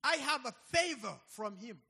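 A man in his fifties preaches a sermon with a very high, bright voice. He speaks slowly and emphatically, rising to loud exclamations and dropping to near hushes. His words ring out with the long reverb of a big hall. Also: animated, gravelly, husky. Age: 50s. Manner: emphatic, with dramatic swings between loud and soft.

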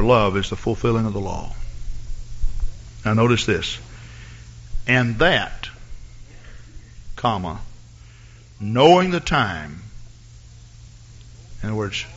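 A man preaching a sermon, reading scripture in a measured way and rising to loud, shouted exhortation. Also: lowish voice, sing-song, highs cut off.

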